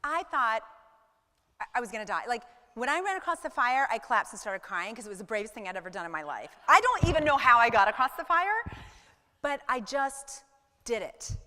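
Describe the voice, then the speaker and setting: A woman in her forties giving a motivational talk to a live audience, telling stories in an animated way and acting out her own thoughts. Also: a little high, a little fast, long reverb tail. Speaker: business speaker.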